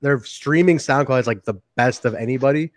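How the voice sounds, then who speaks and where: A man's voice: mid-range voice, quick pace, dry recording. A man chatting casually with his bandmates over a video call, rambling and full of fillers. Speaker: band member. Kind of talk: casual chat.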